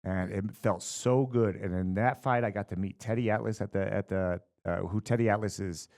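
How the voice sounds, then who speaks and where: A man, a fight coach being interviewed, telling stories in a casual, animated way and acting out what others said. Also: on the low side, normal speed, vocal fry. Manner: animated storyteller acting out quotes with fillers. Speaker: boxing and MMA coach, guest.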